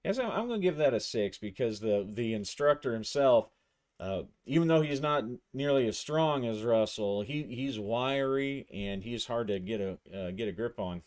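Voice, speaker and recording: A man's voice: mid-range voice, lively intonation, normal speed, darkish tone. A man narrating a solo tabletop game, thinking aloud as he describes the action and his dice rolls.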